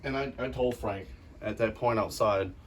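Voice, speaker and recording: A man's voice: on the low side, moderate pace, slight background noise. A man who investigates the paranormal, talking bluntly and earnestly in an interview and often repeating himself.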